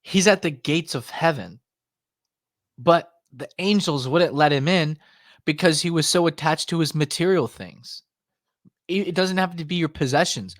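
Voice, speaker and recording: A man's voice: a little high, normal speed, no echo. A young man telling a story on a casual podcast, acting out the voices of the people in it and leaning on lots of "like" fillers. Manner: animated, acts out voices in quotes, many "like" fillers.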